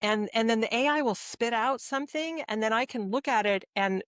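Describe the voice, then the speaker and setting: A woman talking as a podcast guest in casual conversation, measured and thoughtful, slowing down to choose her words. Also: fairly high pitch, a bit bright, smooth, dry recording, studio quality.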